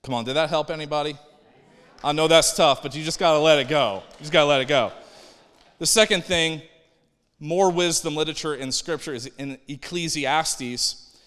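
A male pastor preaching in a big church hall, easygoing and joking with the congregation. His voice is fairly high and bright, with a forceful edge, and a long reverb hangs after each phrase. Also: moderate pace, clean tone. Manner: conversational, joking, animated. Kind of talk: sermon.

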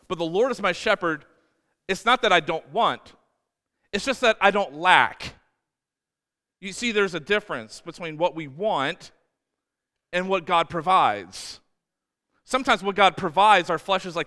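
A man's voice: high-pitched, lively intonation, moderate pace, sharp tone, big-room sound. A man preaching a sermon as pastor, emphatic and repeating words, often acting out voices in quotes. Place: church.

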